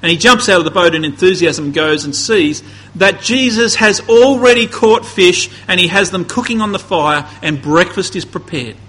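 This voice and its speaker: A man preaches in a conversational way, often restarting phrases and then climbing to emphatic high points. His voice sits a little high for a man and sounds bright and forward. It has a slightly husky edge. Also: expressive, normal speed, low-quality recording. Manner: conversational, rising to emphatic peaks, frequent restarts. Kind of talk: sermon.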